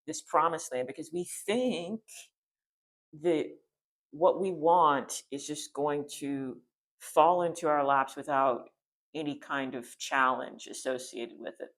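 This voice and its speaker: A man's voice: a little high, moderate pace, fairly bright tone. A man giving a casual, rambling spiritual talk, full of restarts and fillers, retelling a scripture story. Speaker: spiritual teacher.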